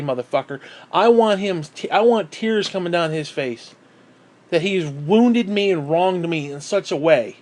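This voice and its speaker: Guy going off in a game review rant, swearing a lot, kinda high-ish voice. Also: a little mellow. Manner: angry, profane, sarcastic ranting. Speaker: gaming channel host.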